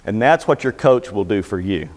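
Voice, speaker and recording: A man's voice: on the low side, lively intonation, normal speed, a little mellow, in a large hall. A middle-aged man speaking to a seminar audience, talking casually and folksily with jokes and anecdotes. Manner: folksy, joking, conversational storyteller. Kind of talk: motivational seminar talk. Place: seminar room before a live audience.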